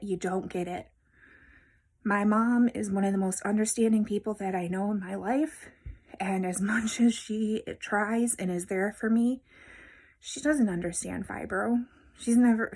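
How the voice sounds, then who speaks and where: Woman vlogger, heartfelt and reassuring, speaking softly to camera with hushed moments. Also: medium pitch. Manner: gentle, reassuring, speaks directly to viewers. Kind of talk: heartfelt personal vlog talk.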